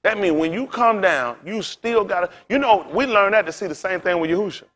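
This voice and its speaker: This pastor's sermon is casual and a little fast, with lively intonation and large shifts in pitch and volume. Now and then he turns aside to address the congregation directly.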